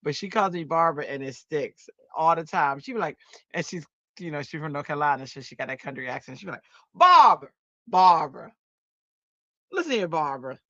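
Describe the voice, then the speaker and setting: A woman hosting a crafting stream, chatting casually and telling stories in an animated way while she works. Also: low voice, fast, no room sound, muffled recording. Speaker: crafting channel host.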